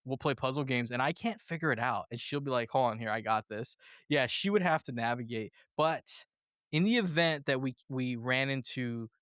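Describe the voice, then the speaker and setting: A man hosting a casual movie review podcast, animated and laughing often as he acts out quotes. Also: mid-range voice, moderate pace, no room sound, studio quality. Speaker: podcast host.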